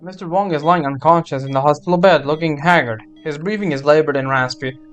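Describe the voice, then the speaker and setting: A man's voice: a little high, fast, clear, resonant tone, faint music behind. A man reading a video game's story aloud, adding chatty, wry comments. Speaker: game streamer reading aloud. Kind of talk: reading game text with casual asides.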